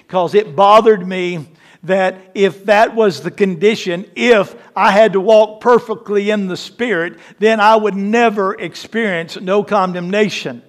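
Casting note: male lead pastor mid-sermon, high-pitched, conversational asides building to emphatic, drawn-out declarations. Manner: emphatic preaching, slows and rises on key words.

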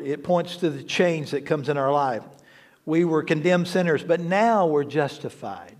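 A male pastor delivers a sermon in a fairly high-pitched voice. He hammers key words again and again for emphasis, then slips into light, joking asides. The delivery is conversational rather than formal. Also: darkish tone. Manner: emphatic, repeats words for stress; conversational preaching with asides and humor. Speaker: lead pastor.

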